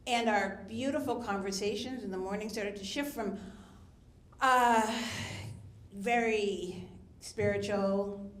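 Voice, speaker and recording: A woman's voice: medium pitch, slow, echoey room. A woman performing a candid, confessional personal story as a storyteller.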